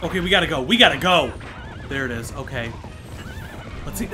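Man, let's play host: high, bright voice that swings wildly, excitable yelps and groans over faint game music. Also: fairly quick. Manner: excitable, loud exclamations and groans. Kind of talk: live gameplay commentary.

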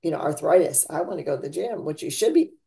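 This podcast host speaks fast in an expressive, creaky, mellow voice. Chatting casually about faith, she rambles and laughs, swinging dramatically in pitch and volume.

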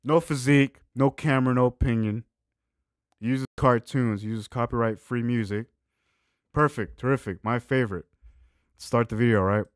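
A man hosting a reaction video, ranting with crude, sarcastic mockery and swinging between loud outbursts and low mumbles. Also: fairly even intonation, moderate pace, dry recording, studio quality. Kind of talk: profane ranting reaction commentary.

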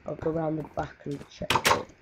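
Speaking in a low, monotone voice at a moderate pace, this gaming video creator offers meandering, profanity-laden remarks during gameplay and occasionally breaks into song. The recording comes from a muffled, noisy home microphone.

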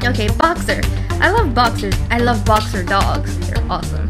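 Goofy high-voiced woman gamer. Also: big pitch swings, normal speed, low-quality recording. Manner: goofy, playful, hums silly sound noises. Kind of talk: let's play commentary. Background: game music.

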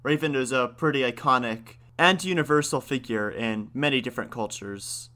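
A young man hosts a folklore podcast, reading a tale aloud and then musing about it in a chatty, self-correcting way. His voice is bright and forward, at a middle pitch. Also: normal speed. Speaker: podcast host. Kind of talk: folk tale reading and casual commentary.

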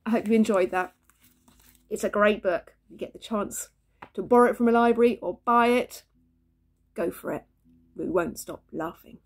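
A woman teacher reading a book of poems aloud to her class in lively, expressive storytelling. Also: mid-range voice, normal speed, pauses often. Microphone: phone camera.

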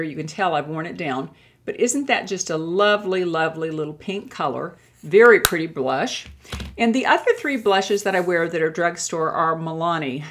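An older woman chatting to camera as a beauty vlogger, gushing as she reviews products she loves. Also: lowish voice. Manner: warm and gushing, with many admiring exclamations.

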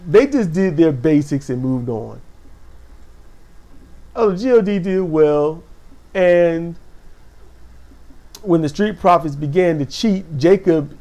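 Animated man recapping, gravelly voice. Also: slow pace, long pauses. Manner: animated, acts out quotes with sudden high exclamations. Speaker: wrestling show recap host. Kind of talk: casual spoken recap.

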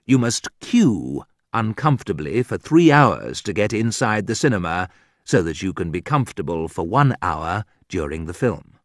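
A man reading a humorous graded reader aloud in a wry, deliberate storytelling manner, with a sudden lift in pitch for quoted remarks. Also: big pitch swings, no echo, clean studio sound. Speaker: audiobook narrator.

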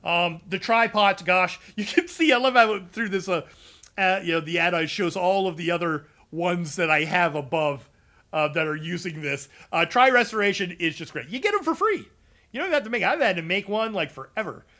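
A man's voice: sits high, expressive, moderate pace, sharp tone. A man streaming a casual game build walkthrough to his live chat, loose and chatty with lots of ums and uhs. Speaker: gaming streamer explaining a character build.

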